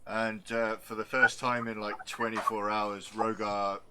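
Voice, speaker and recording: A man narrating a tabletop role-playing game in a measured way. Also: on the low side, level tone, background noise. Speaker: game master.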